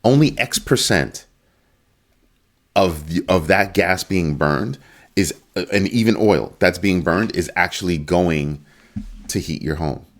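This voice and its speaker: A middle-aged man with a very low, deep voice talks through his thoughts in a casual solo commentary. His pitch swings widely as he gets emphatic, slipping into mock quotes and sudden high outbursts. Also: animated, measured pace. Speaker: crypto news commentator.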